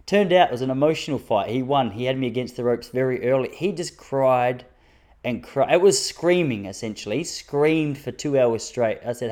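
A man's voice: a little fast, a little mellow. Wry Australian man in his thirties. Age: 30s. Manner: wry, self-mocking, punchy delivery with sudden pitch jumps for quoted lines. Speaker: stand-up comedian. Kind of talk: stand-up comedy storytelling.

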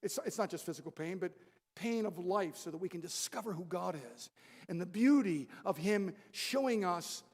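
An older man preaching a sermon, telling a personal story with quiet asides and loud emphatic peaks. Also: sits high, moderate pace. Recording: long reverb of a large hall.

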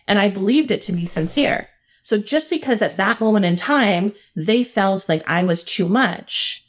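A middle-aged woman telling a personal story as a podcast guest, earnest and emphatic with frequent laughs. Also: mid-range voice.

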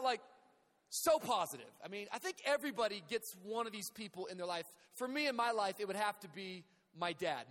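A male pastor praying and preaching in a church, energetic and humorous, calling out to the congregation. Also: high voice. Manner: energetic, humorous, calls to the crowd. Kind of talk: sermon with storytelling. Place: church sanctuary. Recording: long hall reverb.

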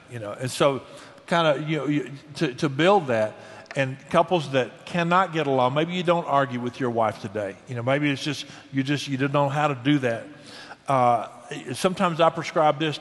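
Folksy older man giving advice. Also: medium pitch. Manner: earnest, folksy, animated storytelling. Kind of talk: conversational advice. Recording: long reverb.

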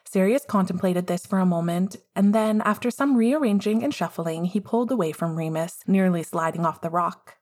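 A woman reading a fan story aloud in a calm, measured way. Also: lowish voice. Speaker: audiobook reader. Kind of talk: storybook narration.

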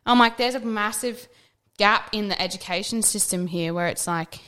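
Young woman, podcast co-host, mid pitch, earnest and animated, acts out quotes. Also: moderate pace, clean tone. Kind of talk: casual chat.

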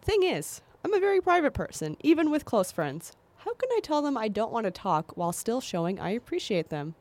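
A woman's voice: fairly high pitch, big pitch swings, fairly quick, a little mellow. A woman co-hosting a podcast in casual chat, wry and self-deprecating with frequent laughs, into a studio mic. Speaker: podcast co-host. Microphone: studio microphone.

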